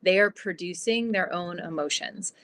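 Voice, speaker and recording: A woman guest on an interview podcast, explaining her ideas in a lively, chatty way with lots of "like". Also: lowish voice, moderate pace. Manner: animated, explanatory, fillers like "like". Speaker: guest, transformation guide.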